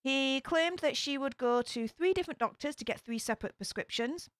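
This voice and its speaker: A woman's voice: sits high, brisk, dry recording. Chatty woman, dry sound. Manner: chatty, speculative, with filler-heavy asides. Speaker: true crime channel host. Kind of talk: casual true crime commentary.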